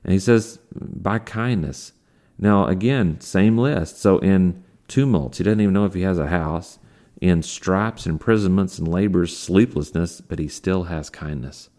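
A man preaching a sermon in a conversational way, full of fillers and restarts, slowing down when he reads scripture. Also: low-pitched, dark tone. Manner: slows down to read scripture. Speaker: pastor.

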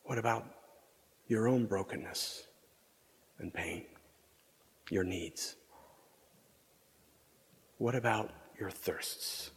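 A man preaching a meditative reflection at a vigil, speaking in a measured, contemplative way and sometimes dropping to a whisper. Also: fairly low pitch, long reverb tail, slight background noise. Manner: measured, contemplative, drops to whispers for inner thoughts. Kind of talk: slow meditative sermon.

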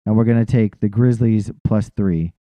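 A man's voice: fairly low pitch, moderate pace, dark tone, no echo. A man hosting a podcast in casual chat, laid-back, swearing freely and restarting his sentences. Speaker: podcast host.

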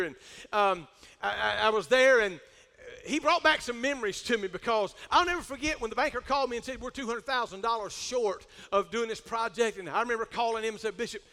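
Preacher man, real high bright voice, hollers amen, church reverb all over it. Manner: preacherly, rising to shouts, calls for amen. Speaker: pastor. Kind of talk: sermon. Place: church sanctuary. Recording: long hall reverb.

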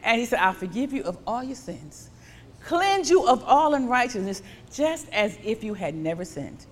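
Animated woman preacher, fairly high voice, long church reverb. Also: moderate pace. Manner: animated, with call-and-response. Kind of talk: sermon.

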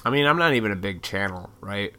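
Rambling, profane man with a bright voice. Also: fairly low pitch, expressive, fast talker, smooth. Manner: rambling and profane, with many fillers. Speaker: YouTuber and toy collector. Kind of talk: casual solo chat. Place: small hot home room full of electronics. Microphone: desk mic.

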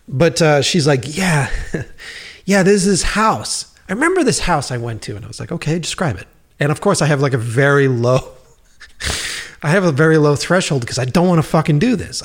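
A man in a relaxed chat recounts making his films. His voice sits a little high, and he swears freely while playing out the conversations he remembers. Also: husky. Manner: profane, animated storyteller acting out quoted dialogue. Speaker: filmmaker guest. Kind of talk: casual storytelling chat.

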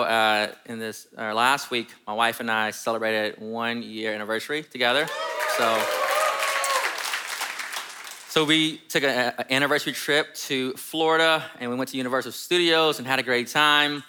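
A man's voice: medium pitch, bright, forceful tone, clean tone. A young man, a college and young adult pastor, preaching a sermon in a chatty, friendly way and often tagging lines with "right?". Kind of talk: sermon with personal story. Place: church sanctuary.

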